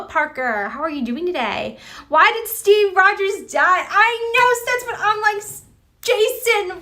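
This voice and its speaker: A woman with a high voice, chatting live with her viewers in a casual, rambling way. Her tone is bright and forceful, full of "like" and restarts as she reacts to comments.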